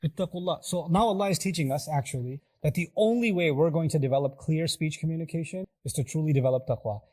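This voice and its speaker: A man's voice: on the high side, quick pace, mellow. A middle-aged man giving a sermon, asking the audience rhetorical questions and acting out quoted voices. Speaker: preacher.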